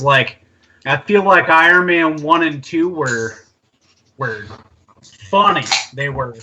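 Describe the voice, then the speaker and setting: Bright-voiced man musing in chat. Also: a little high, lo-fi sound. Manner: thoughtful, rambling opinions. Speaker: podcast co-host. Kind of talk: casual chat.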